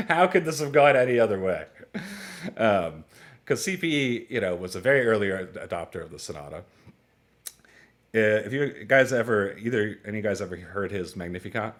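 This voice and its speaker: This male music teacher has a slightly low voice and a chatty, digressive manner, tossing in quick asides and laughs. Speaking casually to a small online class, he acts out dialogue with lively leaps in pitch.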